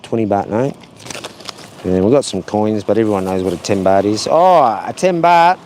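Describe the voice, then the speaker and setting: A man's voice: lowish voice, animated, normal speed, darkish tone, slight background noise. A man casually vlogging outdoors while walking the streets, chatting and rambling to his viewers. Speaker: travel vlogger.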